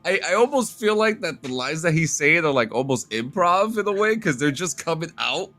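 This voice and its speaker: A man with a fairly high voice co-hosting a podcast. His pitch swings widely as he talks, and he comes across as animated and profane, laughing easily through the casual chat. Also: fairly quick, faint music behind. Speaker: podcast co-host.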